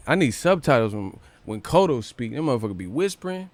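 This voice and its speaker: Profane animated livestream host. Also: male voice, mid-range voice. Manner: animated, profane, rapid rhetorical questions. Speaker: boxing news livestream host. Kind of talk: casual livestream rant.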